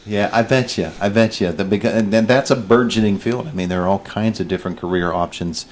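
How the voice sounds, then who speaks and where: A man's voice: on the low side, fairly even intonation, brisk, slight background noise. A man hosting a morning radio interview in a studio, chatty and encouraging, with folksy asides. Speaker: radio morning show host. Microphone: studio microphone.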